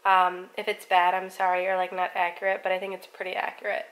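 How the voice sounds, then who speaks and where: A young woman from the United States chatting casually on her vlog, with lots of "like" and a quiet, almost whispered tone at times. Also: lowish voice, completely flat delivery, fast talker, low-quality recording. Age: young adult. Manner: chatty, lots of "like", drops to a near whisper when tasting. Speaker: vlogger.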